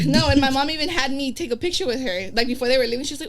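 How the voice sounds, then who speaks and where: A young woman guest on a podcast, telling a story in casual chat, animated and profane, acting out what others said. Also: on the high side, fast, few pauses. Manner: animated, profane, acts out quoted dialogue.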